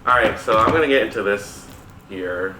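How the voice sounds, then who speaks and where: A man's voice: on the low side, normal speed. A man co-hosting a mukbang at home, chatting casually and giggling while he eats, rambling with lots of "like". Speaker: co-host of a home mukbang channel. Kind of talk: casual chat while eating. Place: at home, at the dinner table. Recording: echoey room with background noise.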